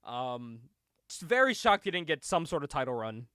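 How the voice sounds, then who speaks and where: Man, podcast co-host, casual wrestling recap, giggly, animated pitch, dry sound. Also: normal speed, clean tone, no room sound. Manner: giggly, swears a lot, acts out quotes.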